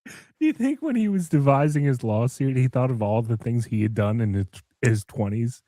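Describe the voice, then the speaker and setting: A man co-hosting a comedy podcast who tells stories in an animated way and laughs often. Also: medium pitch, moderate pace, no echo. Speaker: podcast co-host. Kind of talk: casual comedic banter.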